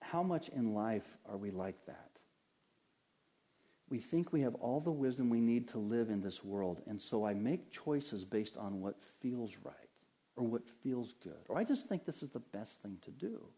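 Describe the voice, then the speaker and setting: A pastor preaching a sermon in a conversational way, mixing scripture with homely stories and rhetorical questions. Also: male voice, medium pitch, expressive, unhurried, warm tone.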